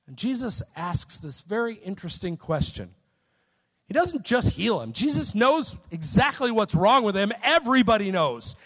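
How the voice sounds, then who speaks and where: A high-voiced man preaches in a relaxed, conversational way, often tossing back a quick check-in to his listeners. His voice rings in a long hall reverb. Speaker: pastor. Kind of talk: sermon.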